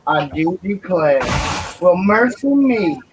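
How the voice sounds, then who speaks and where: A man's voice: high-pitched, sing-song, slow, slight background noise, pitched above the performer's own voice, full character voice, poor audio. A man putting on a swooning Southern belle. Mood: flustered. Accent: Southern US, put on.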